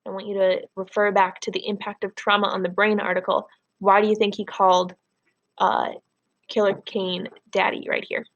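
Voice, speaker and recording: A woman's voice: mid-range voice, flat delivery, normal speed, a bit bright, highs cut off. A woman teacher giving a recorded lesson, explaining and reading a novel aloud patiently. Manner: clear, patient, explaining step by step.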